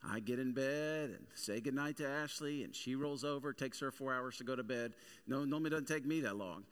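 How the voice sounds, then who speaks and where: A man's voice: medium pitch, a little fast, clear, resonant tone. A man in his thirties preaching a sermon as a pastor, mixing humorous everyday stories with emphatic preaching. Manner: conversational storytelling with humor, building to emphatic preaching.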